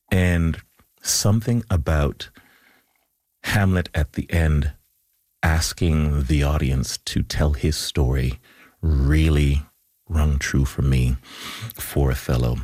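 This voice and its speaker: A man's voice: a bass voice, slow pace, pauses often, darkish tone, dry recording. A man, an actor, talking thoughtfully in a radio studio interview, often restarting and reciting lines with feeling. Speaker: actor, guest.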